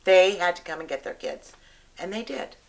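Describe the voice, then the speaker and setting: An older woman, a retired educator, giving a halting, vivid eyewitness recollection with pauses and fillers. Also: fairly low pitch, animated, rough recording. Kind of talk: personal recollection to camera.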